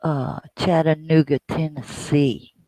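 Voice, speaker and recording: A man's voice: a little high, steady tone, slow, mellow, dry recording, low-quality recording. A man chatting casually and teasing, joking along with the host. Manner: teasing, jokey. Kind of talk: casual chat.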